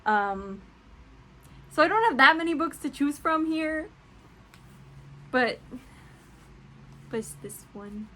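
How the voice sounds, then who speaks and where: A woman's voice: high voice, animated, slow, pauses often, bright, forceful tone. A young woman chatting casually and gushing about books for her vlog, laughing often. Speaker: book vlogger. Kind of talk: casual book tag chat.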